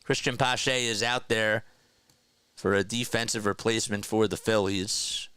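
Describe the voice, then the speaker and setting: A young man doing live baseball play-by-play on a close mic, his voice bright and forward with a smooth, crisp ring. He climbs high and loud when a play turns exciting, then settles back low and relaxed to talk with his viewers. The sound is dry and close, with no room in it. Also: a little slow, no room sound. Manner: rises sharply in pitch and volume on big plays, calm and low when reading chat. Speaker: play-by-play host of an online stream.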